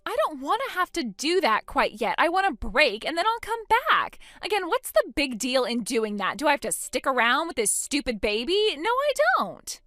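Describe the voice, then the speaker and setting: A woman's voice: high voice, sing-song, moderate pace, hardly any pauses, bright, forceful tone, dry recording, clean studio sound, heavily acted. A woman voicing a selfish young mother who dismisses her own baby, in scripted dialogue. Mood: scornful. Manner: scornful, dismissive, sneering. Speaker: voice actor in a text-story drama.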